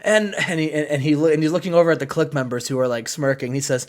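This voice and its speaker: A man with a high, light voice narrates his wrestling simulation game to a co-host. He is animated and slips into character voices to act out the promos. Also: fast talker. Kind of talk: narrating a wrestling sim playthrough.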